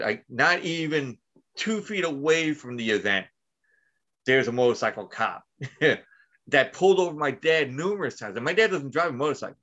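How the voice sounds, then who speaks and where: A man's voice: mid-range voice, a bit bright. A man hosting a casual podcast chat, telling long profane stories and laughing at them. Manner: rambling, profane, laughs at his own stories. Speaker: podcast host. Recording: dull lo-fi sound.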